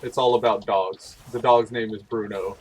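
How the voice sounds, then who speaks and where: A man's voice: on the low side, fairly even intonation, normal speed, darkish tone, a little hiss or hum. A man hosting a gaming channel, rambling through casual gameplay commentary and laughing often.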